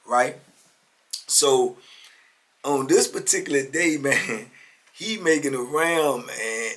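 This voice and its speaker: A man in his fifties telling a personal story in a casual, animated street style, full of slang and asides. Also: medium pitch. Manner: animated, laid-back slang, frequent "you know what I'm saying". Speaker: storyteller guest.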